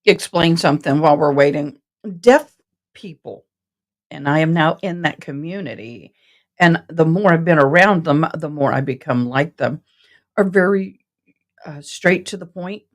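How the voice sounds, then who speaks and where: A woman with a low voice speaks at a measured pace while hosting a casual live stream about a trial. She chats with viewers in a rambling way and describes herself as passionate and direct.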